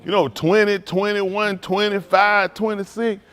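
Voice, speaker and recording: A male pastor giving a playful sermon to his congregation, laughing and joking and then turning low and earnest. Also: flat delivery, a little slow. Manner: drops to a low, quiet earnest tone for counsel.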